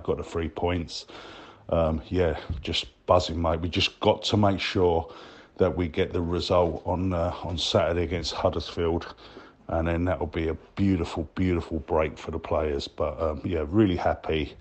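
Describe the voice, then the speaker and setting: A deep, low-pitched man rambles through a casual voicemail. He leans on fillers and keeps calling the listener "mate". His talk is loose and chatty. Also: a little mellow. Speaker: caller leaving a voicemail.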